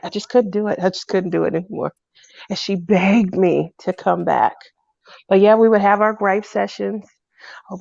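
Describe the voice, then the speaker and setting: A woman telling a personal story in a casual, animated way. She acts out the people she quotes in a loud voice. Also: medium pitch, vocal fry, dry recording. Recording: dull, dry lo-fi recording.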